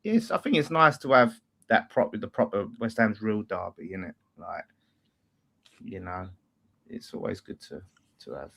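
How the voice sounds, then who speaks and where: A man, hosting a fan channel and reading out viewer messages in a relaxed, matter-of-fact way. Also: lowish voice, normal speed, creaky.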